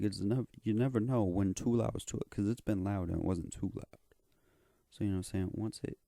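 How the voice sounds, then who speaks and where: A man's voice: low-pitched, gravelly, dark tone, dry recording, studio quality. A young man telling a story in a rambling, profane, slangy way. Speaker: vlogger. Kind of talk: casual storytelling.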